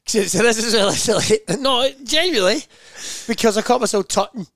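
A Scottish man spins comic stories in casual podcast chat, his voice sitting a touch high and jumping into quick impressions of other people. The sound is close and dry, with no room around it. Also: dry recording. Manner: animated anecdotes with mimicked voices and laughter. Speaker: podcast co-host and comedian.

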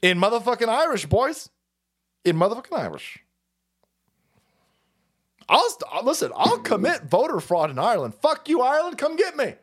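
A man hosting a livestream, ranting crudely about politics and reacting to chat, cursing freely, laughing often and breaking into sudden shouts. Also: very high voice, huge pitch swings, moderate pace, long pauses, husky. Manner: foul-mouthed, rowdy, laughs and shouts often. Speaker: livestream host.

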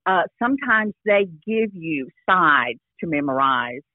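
An older actress chatting casually as an interview guest over a phone line, rambling with restarts and frequent "you know". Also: female voice, deep voice, very animated, measured pace, dry recording. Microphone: phone call.

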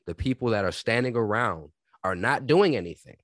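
A man with a lowish voice co-hosts a casual podcast, telling stories loosely and profanely with bursts of energy. The sound is dry and close to the mic. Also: moderate pace, no echo. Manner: profane, animated storytelling. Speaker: podcast co-host.

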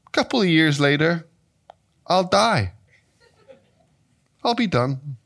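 English man in his fifties, guest preacher, animated and playful, voice on the high side. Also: slow, gravelly. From England. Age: 50s. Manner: animated, playful, with shifting pitch and pace. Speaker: guest speaker and Bible teacher. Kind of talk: sermon.

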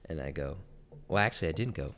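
A young man with a very low voice tells a story on a casual podcast. He talks in an animated way, acting out the other people's lines as he goes. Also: fast, background noise. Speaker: podcast co-host.

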